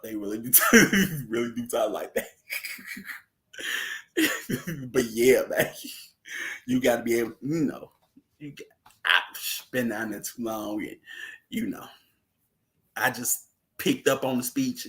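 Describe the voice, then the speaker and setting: A man's voice: mid-range voice, fairly bright tone. A man chatting casually as host, laughing often and telling loose, slangy stories. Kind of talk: casual chat.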